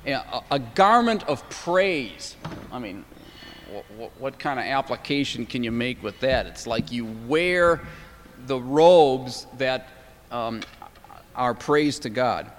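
A man teaching a class, enthusiastic and thinking aloud, often pausing on fillers and restarting words. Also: medium pitch, expressive, big-room sound, a little hiss or hum. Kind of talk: classroom lecture.

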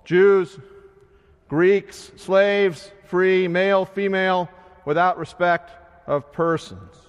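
A man preaching a sermon in a slow, measured way, his voice swelling loud and then sinking soft. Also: high voice, fairly even intonation, clean tone. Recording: long hall reverb.

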